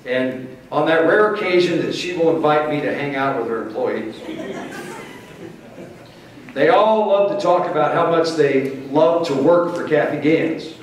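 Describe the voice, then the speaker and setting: A man's voice: fairly high pitch, measured pace. A middle-aged man from Missouri, giving a folksy acceptance speech as a motivational speaker. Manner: folksy, warm storytelling with playful crowd asides. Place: large banquet hall. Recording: echoey hall, distant mic, faint hiss.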